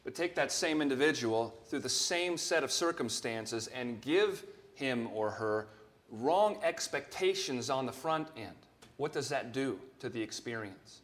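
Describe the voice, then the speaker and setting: This is a man's plain, mid-range voice giving a Sunday sermon, earnest and steady without any rush. Whenever he quotes scripture, his delivery rises in emphasis to drive the words home.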